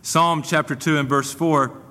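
A man preaching a sermon in an animated, conversational way, with humor and frequent restarts. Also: a little high, a little slow. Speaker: pastor. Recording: long hall reverb.

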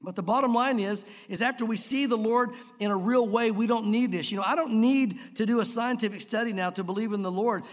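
A man preaching a sermon as a pastor, telling stories and acting out voices. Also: sits high. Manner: animated storytelling, acts out voices. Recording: long reverb of a large hall.

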